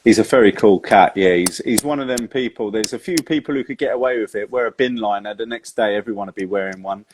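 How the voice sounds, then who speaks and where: A man's voice: fairly low pitch, fast, hardly any pauses, a little hiss or hum. A man hosting a casual chat, matey and informal in his manner. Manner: matey, informal, says mate a lot. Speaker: host.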